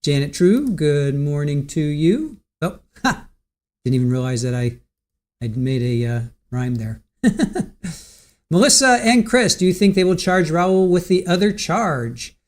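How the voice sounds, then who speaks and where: A man's voice: fairly high pitch, very animated, a little slow. A man hosting a casual livestream about a court trial, greeting chat viewers by name and recapping the case with many ums and restarts. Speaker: livestream host covering a trial.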